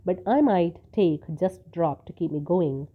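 A woman's voice: on the low side, expressive, unhurried, slightly rough. A woman voicing a tired, kindly police sergeant. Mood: obliging. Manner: plain-spoken and obliging. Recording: tinny phone-like sound.

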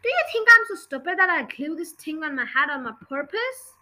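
A woman voicing a hot-tempered husband in a storybook reading, with loud, indignant outbursts. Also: high voice, big pitch swings, a little fast, heavily acted. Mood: angry. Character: blustering hot-tempered man, shouting in panic.

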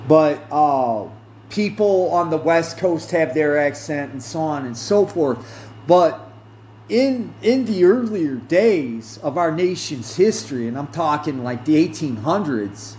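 Slow, rambling man with a higher voice. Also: expressive, darkish tone, slight background noise. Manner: slow and rambling, with many fillers and self-corrections. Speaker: podcast host. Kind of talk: casual monologue.

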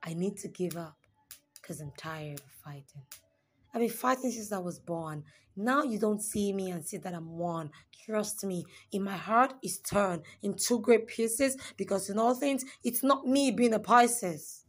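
Husky woman performing spoken word. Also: mid-range voice, a little slow. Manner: dramatic, swings between raised pleading and hushed whispers.

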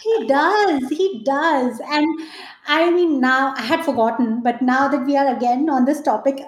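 A woman's voice: high voice, a little slow. A woman co-hosting a podcast, chatting casually about films with frequent laughs. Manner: animated, laughs often while talking. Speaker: podcast co-host. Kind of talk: casual film chat. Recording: roomy echo.

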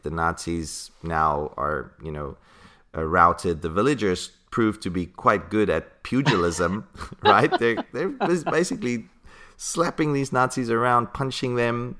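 A man's voice: deep voice, a bit bright. A man co-hosting a podcast, chatting casually about an old comic book, talkative and laughing often. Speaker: podcast co-host.

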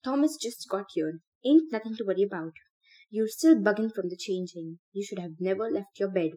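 A woman voicing a calm, steely teenage boy leader who speaks firmly. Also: medium pitch, normal speed, close to an everyday voice. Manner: calm and firm.

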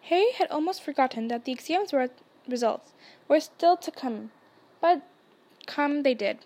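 High-voiced woman reading a storybook. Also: expressive, normal speed, darkish tone. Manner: reads the story aloud, small shifts for dialogue. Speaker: narrator. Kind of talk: storybook read-aloud.

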